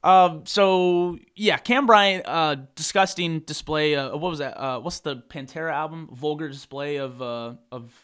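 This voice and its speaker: A young man co-hosting a casual sports podcast, talking in an animated, rambling way with jokes and swearing. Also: a little high, measured pace, few pauses, clear, resonant tone. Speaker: podcast co-host.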